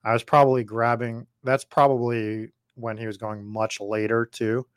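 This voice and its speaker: A man's voice: medium pitch, flat delivery, normal speed, no room sound, studio quality. A man hosting a podcast, talking in a rambling, chatty way as he drafts and answers viewer comments, his voice slightly worn. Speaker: podcast host. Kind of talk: casual live drafting commentary.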